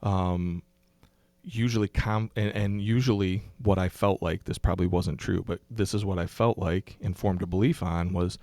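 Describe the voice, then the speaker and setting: Low-voiced man, thoughtful pastor guest. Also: steady tone, normal speed, a little mellow, no echo. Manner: thoughtful, explanatory, with frequent ums and restarts. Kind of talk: casual podcast conversation.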